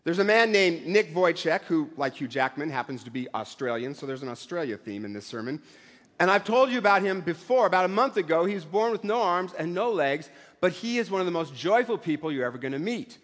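A man's voice: on the high side, lively intonation, brisk, fairly bright tone. A middle-aged man preaching a sermon in a conversational way, with self-deprecating humor and acted-out voices. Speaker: pastor. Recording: long hall reverb.

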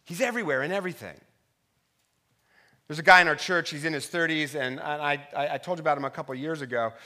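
Middle-aged man, pastor, lively sermon storyteller, slightly high voice, bright tone. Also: quick pace. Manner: animated storyteller, shifting from loud punchlines to soft, quiet reflection. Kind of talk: sermon with personal stories. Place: church sanctuary.

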